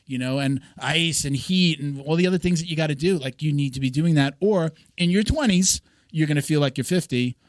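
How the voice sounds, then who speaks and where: A man in his forties hosts a podcast and tells rambling stories, often restarting his sentences. His voice sits a little higher than most men's. The sound is dry and close, with no room echo. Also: brisk. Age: 40s. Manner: rambling, storytelling, frequent restarts. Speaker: podcast host. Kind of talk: casual podcast conversation.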